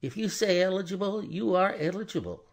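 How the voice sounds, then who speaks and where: A fussy, mild older bank clerk, as a male narrator puts him on in an audiobook, hesitant and precise as he answers. The husky voice is pushed up high and moves widely in pitch. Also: expressive, brisk. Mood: flustered.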